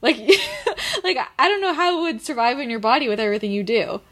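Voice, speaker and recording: A woman's voice: on the high side, animated, very fast, a bit bright. A woman hosting a casual interview, talking frankly and with engagement, swearing casually. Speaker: host.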